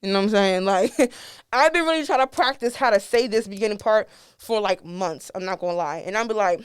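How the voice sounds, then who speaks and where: A woman's voice: medium pitch, a little fast, smooth, no room sound, clean studio sound. A young woman from the DMV area hosting a podcast in a casual, chatty way, laughing often. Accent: American, DMV area. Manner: chatty, laughs often, lively swings in loudness. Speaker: podcast host. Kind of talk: casual chat.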